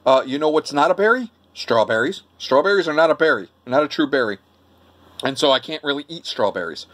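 A man's voice: a little high, lively intonation, brisk, fairly bright tone. Rambling older man with Brooklyn accent. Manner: rambling, chatty, lots of fillers and self-interruptions. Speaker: vlogger. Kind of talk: casual cooking vlog.

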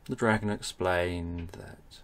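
A man narrating a bedtime story for adults, speaking in a soft, soothing way. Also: sits low, takes it slowly.

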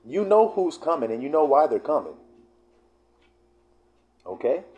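A man leads a casual scripture lesson with a mellow, dark tone. His pitch rises and falls in an animated way. He reads verses slowly, then breaks into blunt, profane explanation. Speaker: Bible teacher. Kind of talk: casual scripture teaching video.

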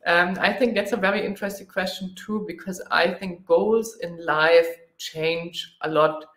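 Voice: medium pitch, steady tone, unhurried, fairly bright tone, echoey room. A travel vlogger with a German accent, chatting through a live Q&A, thinking aloud and laughing readily. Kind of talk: live Q&A chat.

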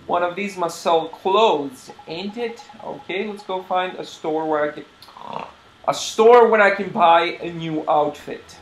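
A man's voice: a little high, a bit bright, a little hiss or hum. A man playing a game and reading its lines aloud, goofy and self-mocking, stumbling over words. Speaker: let's player. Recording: echoey room, game music behind.

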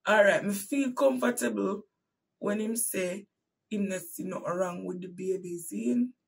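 A Jamaican woman preaching to her listeners as she tells a painful story. Her voice is gravelly and husky, rising from hushed tones into emphatic outbursts and repeating phrases for weight. She sounds a little distant from the mic. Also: mid-range voice, measured pace. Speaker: host and preacher. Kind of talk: dramatic personal storytelling.

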